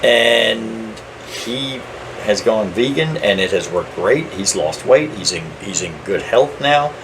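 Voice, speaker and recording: A middle-aged man with a fairly low voice, talking in a loose, rambling way on a casual podcast. He gets more lively when he acts out what other people said. A faint air-conditioning hum sits behind him. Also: takes it slowly. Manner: rambling storyteller, animated when quoting people. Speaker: podcast co-host. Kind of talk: casual chat.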